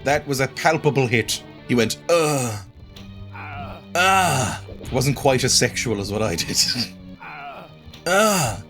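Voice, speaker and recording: A man's voice: medium pitch, big pitch swings, measured pace, a bit bright, faint music behind. A man giving sarcastic commentary while playing a video game, often breaking into exclamations. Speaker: gaming video creator.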